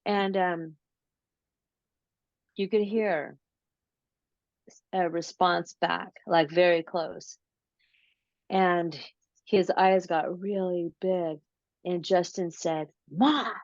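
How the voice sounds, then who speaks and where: A woman being interviewed, telling a long story slowly and casually, with many fillers and restarts. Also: fairly low pitch, steady tone, darkish tone, dry recording. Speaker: interview guest, paranormal researcher. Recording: dull lo-fi audio.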